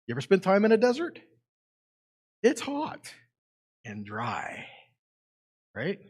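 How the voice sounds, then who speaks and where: A man giving a lively Bible teaching to a congregation, asking rhetorical questions and reading scripture aloud. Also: high-pitched, takes it slowly, husky. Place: congregation meeting room.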